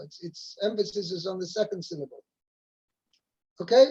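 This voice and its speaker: A man teaching a weekly Torah portion over a video call, halting with fillers and restarts as he quotes Hebrew verses. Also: high-pitched, warm tone, slightly rough. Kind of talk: explaining a weekly Torah text. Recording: muffled video call audio.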